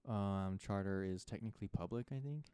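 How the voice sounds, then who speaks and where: Young male co-host, very deep voice, easygoing, trails off, dry close sound. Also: moderate pace, mellow, clear, resonant tone, dry recording. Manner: laid-back, trails off mid-sentence. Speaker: podcast co-host. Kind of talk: casual chat.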